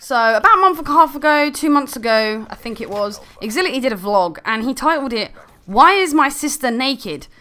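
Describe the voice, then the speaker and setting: A woman's voice: high-pitched, expressive, a little fast, hardly any pauses, pushed and bright. A woman ranting in an angry, sarcastic commentary video full of swearing.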